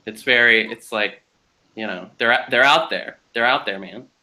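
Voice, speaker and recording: A young man chatting on a group video call, joking and swearing in an animated way. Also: medium pitch, normal speed, poor audio. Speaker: group chat host.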